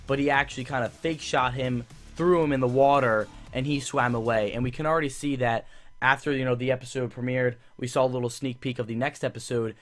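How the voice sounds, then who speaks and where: A young man giving a casual, enthusiastic TV review that rambles, with many fillers and restarts. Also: mid-range voice. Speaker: YouTube TV reviewer.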